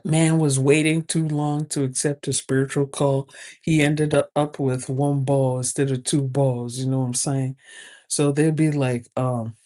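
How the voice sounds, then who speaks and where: A woman's voice: rumbling low, level tone, measured pace, mellow. A woman giving spiritual advice in a playful, humorous monologue, laughing often between her phrases. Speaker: spiritual advisor.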